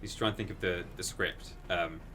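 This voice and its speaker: A man chatting casually while streaming a video game, rambling and bursting into excited exclamations. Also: deep voice, moderate pace, soft background music. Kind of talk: casual gaming stream commentary.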